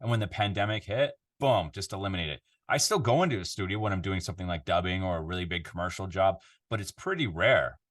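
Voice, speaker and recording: A Canadian man, a voiceover artist, chatting casually in an interview from his home control room, animated and full of fillers. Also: low-pitched, quick pace, hardly any pauses. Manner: animated, conversational, lots of fillers.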